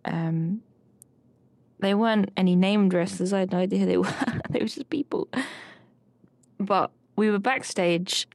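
A woman's voice: medium pitch, normal speed, vocal fry, dry recording. Chatty woman, dry close sound. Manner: rambling and animated, with many fillers and laughs. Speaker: podcast co-host recounting a dream. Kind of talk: casual chat.

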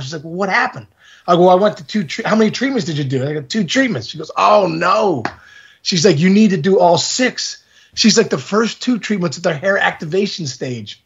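A man in his forties hosting a podcast, telling a story in casual chat, excitable and exaggerating, laughing at his own tale. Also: high voice, slightly rough, dull audio. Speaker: podcast host.

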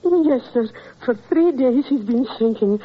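An anxious, tearful landlady in a vintage radio play. Her fairly high, husky voice trembles and stammers as she pleads. The lo-fi, muffled sound of an old broadcast frames her. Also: animated, unhurried, exaggerated voice. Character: tearful, anxious landlady, middle-aged woman. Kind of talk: 1940s radio drama acting. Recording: dull lo-fi old radio recording.

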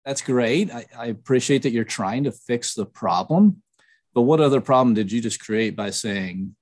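A middle-aged man talking earnestly in an interview, slightly nasal, pausing often with fillers and restarts. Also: on the low side, a little mellow. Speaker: podcast guest, author. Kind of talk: casual interview talk.

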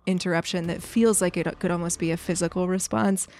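A woman's voice: on the low side, steady tone, fairly quick, a little mellow. A woman running a tabletop role-playing game as game master, narrating scenes and rulings and laughing often.

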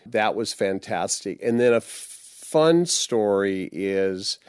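Man, 60s, low voice, dry close sound, rambling storyteller, many fillers. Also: expressive, slow, darkish tone, clear, resonant tone, dry recording. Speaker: interview guest, rock musician. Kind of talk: casual interview storytelling.

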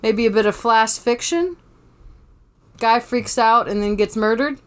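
A chatty young woman talks into her podcast mic at home, slightly high-pitched and full of asides and laughter. She speaks casually, going off on tangents about her cat while chatting about movies. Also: unhurried. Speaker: podcast co-host. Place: bedroom at home. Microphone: podcast microphone.

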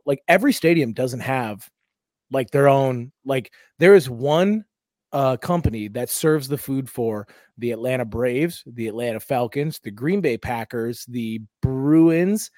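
A man's voice: medium pitch, darkish tone, no echo, clean studio sound. A man hosting a casual podcast chat, joking with friends, laughing often and rambling through asides. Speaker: podcast host.

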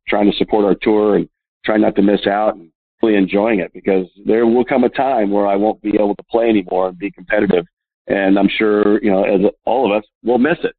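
Husky-voiced man in his fifties on a phone line. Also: on the low side, dry recording. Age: 50s. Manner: chatty anecdotes, laughs often, many filler uhs. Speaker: guest, professional golfer. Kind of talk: interview storytelling. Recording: tinny phone line, dry.

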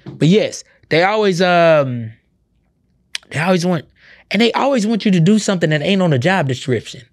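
High-voiced man ranting hotly. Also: normal speed. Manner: profane, heated, animated ranting. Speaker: podcast host. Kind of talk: ranting comedic monologue.

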